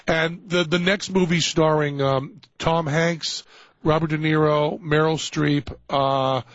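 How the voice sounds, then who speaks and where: A man's voice: a little high, fairly even intonation, slow pace, no room sound, dull audio. A man hosting a radio show in casual banter, rambling and joking with big exaggerations. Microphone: studio microphone.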